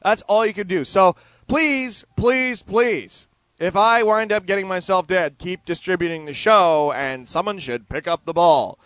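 A man hosting his own show, reading out news stories and commenting on them, animated and sardonic, swinging between loud outbursts and muttered asides. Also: high voice, measured pace, clean tone, dry recording. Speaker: podcast host.

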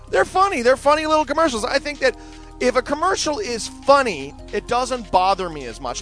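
A man's voice: high-pitched, pushed and bright. A man hosting a podcast, ranting in a profane, opinionated solo monologue while getting over a cold. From Canada. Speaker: podcast host.

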